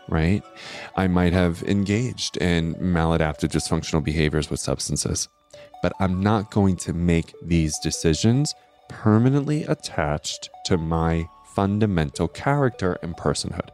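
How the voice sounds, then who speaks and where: A man with a very low voice talks through astrology in an earnest, explanatory way. He often checks in with his listeners by asking "right?". Faint music plays quietly behind him. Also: unhurried. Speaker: astrology host. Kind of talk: educational astrology talk.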